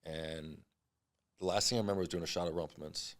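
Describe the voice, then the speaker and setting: A man's voice: low-pitched, fairly even intonation, fast talker, a bit bright. A man in his thirties, a podcast guest, telling his story bluntly with frequent swearing. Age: 30s. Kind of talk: candid storytelling interview.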